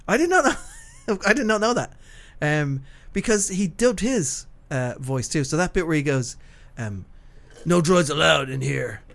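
Chatty swearing podcast host. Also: male voice, high-pitched, very animated, normal speed. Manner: rambling, swears freely, laughs easily. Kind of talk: casual chat.

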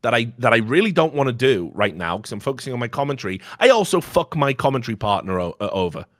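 A man's voice: mid-range voice, big pitch swings, fast, a bit bright, dry recording, clean studio sound. A man on a podcast in casual, opinionated chat, ranting bluntly and swearing freely. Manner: blunt and profane, heated ranting. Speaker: podcast host.

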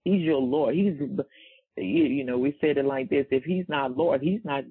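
A man's voice: mid-range voice, moderate pace, breathy edge. A man preaching a sermon in a call-and-response style. He repeats phrases and asks the congregation to fill in words. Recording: tinny, phone-like sound.

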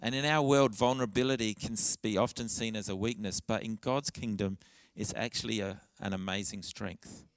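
A man's voice: lowish voice, steady tone, normal speed, hardly any pauses, no echo. A man preaching a church sermon in an earnest, candid way, often restarting his phrases.

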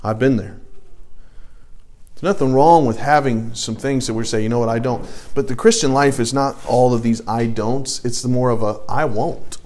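A man's voice: mid-range voice, steady tone, normal speed. Earnest man teaching a Bible class. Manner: earnest, swings from loud to hushed prayer voice.

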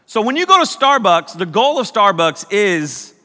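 A man's voice: high voice, big pitch swings, normal speed, sharp tone. A young man preaching a comedic sermon as youth pastor, joking and teasing the crowd in a church hall. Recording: long hall reverb.

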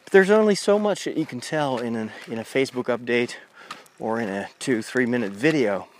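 Man, priest, walking podcast, rambling chatty delivery, mid pitch, outdoor lavalier recording, faint background noise. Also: animated, a little fast. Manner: rambling, conversational, with frequent restarts. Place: outdoors on a country path. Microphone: lavalier mic on a phone.

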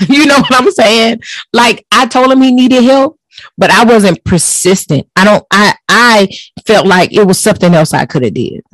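In a mid-range, fairly bright voice, a podcast host talks without hurry in a casual episode. Earnest and emphatic, she hammers points home through repetition; her voice is recorded close to the mic with no echo, though the quality is low.

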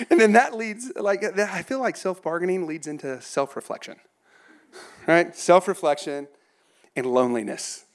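A man's voice: high-pitched, a little slow, pauses often. A man in his thirties preaching a humorous sermon in church, laughing often and acting out quotes. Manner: animated, laughing, acts out quotes. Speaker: pastor.

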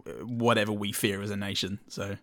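A man co-hosting a comedy podcast, tossing out deadpan absurd quips and laughing often. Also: fairly low pitch, brisk, no echo. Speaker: podcast co-host. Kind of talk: comedic casual chat.

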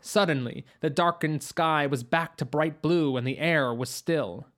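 A woman narrating a fantasy story in a steady, even reading. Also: low-pitched, measured pace. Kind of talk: audiobook narration.

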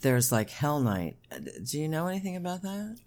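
Middle-aged mother, lively storyteller, laughs easily, swears freely, casual podcast chat. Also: sits low, normal speed. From Pennsylvania, USA. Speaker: mother of the host, guest.

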